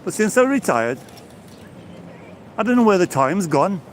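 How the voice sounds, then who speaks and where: A man's voice: high-pitched, big pitch swings, measured pace. Guy in his 60s from england rambling to his live viewers while walking the seafront, traffic noise behind. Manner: chatty, rambling, greets viewers by name. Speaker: vlogger live-streaming a walk. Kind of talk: casual chat to live viewers. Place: outdoors on a seaside promenade, walking.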